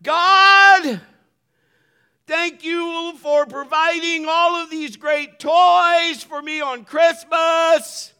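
A man putting on the voice of an excited young boy yelling his prayers as loud as he can, in a told joke. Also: very high-pitched, very slow, pitched above the performer's own voice, full character voice. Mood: shouting. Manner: yelling at top of lungs.

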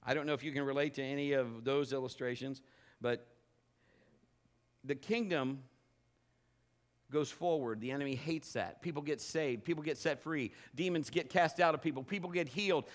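A middle-aged man preaching a sermon in a church service, telling personal stories with loud bursts and quiet asides. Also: normal speed. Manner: animated storytelling, swinging between loud bursts and low asides. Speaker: pastor.

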